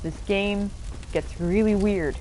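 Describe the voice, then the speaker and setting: A woman's voice: medium pitch, slow, noisy background. A young woman casually commenting as she streams a video game, chatty and laughing, reading chat aloud and swearing.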